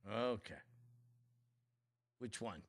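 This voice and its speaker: A man co-hosting a podcast, muttering slowly while distracted by his computer. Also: medium pitch. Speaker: podcast co-host. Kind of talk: casual podcast banter.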